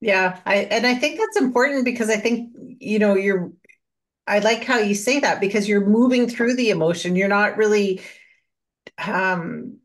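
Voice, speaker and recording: A woman's voice: mid-range voice, normal speed. A woman hosting a podcast, answering her guest in an affirming, thoughtful way and building on her points. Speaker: podcast host. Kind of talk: conversational interview.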